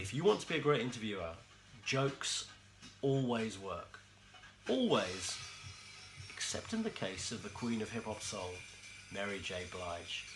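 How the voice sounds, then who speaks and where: A man with a London accent telling a comic story in a dry, understated way, with pauses and asides. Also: mid-range voice, poor audio. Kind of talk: deadpan comic monologue. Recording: music playing behind.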